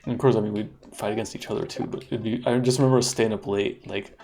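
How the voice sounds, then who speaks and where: A man in his thirties chatting casually while streaming a game, relaxed, laughing often and swearing freely. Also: fairly low pitch, quick pace, creaky, background noise.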